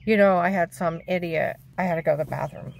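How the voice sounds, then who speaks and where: Older woman with a gravelly rambling voice. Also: fairly low pitch, fast. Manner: chatty, aggrieved, repeats herself, acts out quotes. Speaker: storyteller. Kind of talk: rambling personal story.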